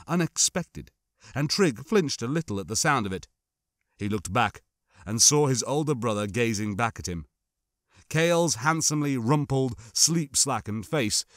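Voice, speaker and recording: A man narrating an audiobook in a measured, somber, dramatic reading. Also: medium pitch, fairly bright tone, no echo, clean studio sound.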